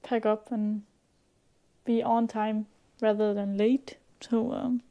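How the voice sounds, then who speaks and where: A woman's voice: on the high side, level tone, takes it slowly, highs cut off. A young woman from Denmark talking casually to camera in a vlog, hesitant with many fillers, sometimes dropping to a half-whisper. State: sick, in bed. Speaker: vlogger.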